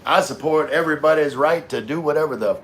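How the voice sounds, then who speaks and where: A man's voice: on the high side, quick pace, a bit bright, slight background noise. A man hosting a casual livestream, reading chat messages aloud in a laid-back, slangy, rambling way while having a few drinks.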